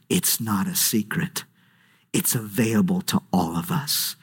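Husky man preaching with hushed intensity. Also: moderate pace. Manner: swings between high, eager bursts and low, hushed intensity. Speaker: pastor. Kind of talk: sermon. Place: church.

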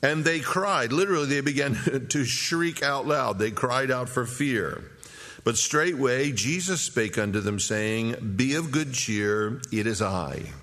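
A middle-aged male pastor teaching a Bible chapter, reading the verses slowly and then breaking in with quick, joking asides. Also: medium pitch, expressive, fairly bright tone.

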